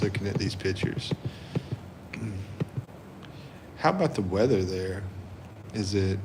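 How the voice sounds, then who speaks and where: A man hosting a livestream, reading chat comments aloud and chuckling often in a relaxed way. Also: on the low side, a little hiss or hum. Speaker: livestream host.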